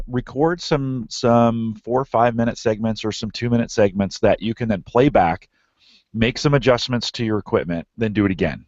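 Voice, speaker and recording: Low-voiced encouraging male podcast host. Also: a little mellow, no room sound, dull audio. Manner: encouraging, repeats phrases for emphasis. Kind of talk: advice call-in show.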